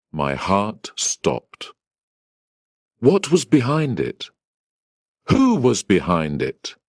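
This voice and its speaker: A man narrating a folktale in first person, reading a scripted story slowly and deliberately. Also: low-pitched, no room sound, clean studio sound.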